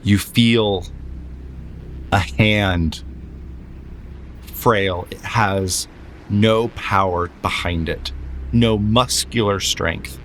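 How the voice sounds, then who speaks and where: Slow, low-voiced male game master. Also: a bit bright, slight background noise. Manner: slow, descriptive dramatic narration with pauses. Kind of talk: narrating a tabletop game.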